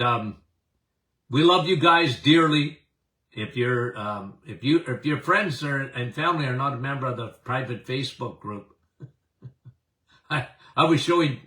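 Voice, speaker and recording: Excitable older man, bright roomy sound. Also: mid-range voice, distant mic. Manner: excitable, emphatic, laughs often. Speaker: podcast host and health doctor. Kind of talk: animated health talk to listeners.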